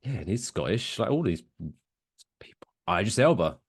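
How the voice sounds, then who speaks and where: Animated low-voiced man, casual podcast chat. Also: moderate pace. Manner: animated, rambling storyteller who swears. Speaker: podcast co-host.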